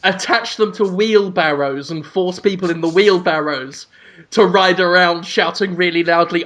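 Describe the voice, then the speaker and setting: A man's voice: high voice, normal speed, fairly bright tone. A man co-hosting a comedic podcast, laying out absurd mock-grand schemes with a straight face. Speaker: podcast co-host.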